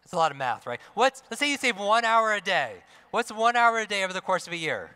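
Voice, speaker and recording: A middle-aged man giving an energetic motivational talk on stage, asking the crowd questions and tagging lines with "right?". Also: high voice, brisk, hardly any pauses, clear, resonant tone. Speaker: motivational speaker. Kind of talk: live stage talk to an audience. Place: large expo hall. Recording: long hall reverb.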